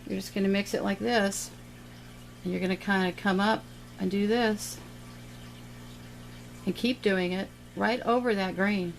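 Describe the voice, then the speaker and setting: Chatty, gravelly woman teaching painting. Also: medium pitch, fairly even intonation, a little slow, long pauses, a little hiss or hum, rough recording. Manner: chatty, playful, adds sound effects while painting. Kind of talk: casual step-by-step painting lesson.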